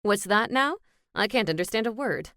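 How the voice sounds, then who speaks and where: Chatty helpful male ghost, read by a woman, earnest, mid-pitched. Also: animated, normal speed, a bit bright, no echo, studio quality. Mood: eager.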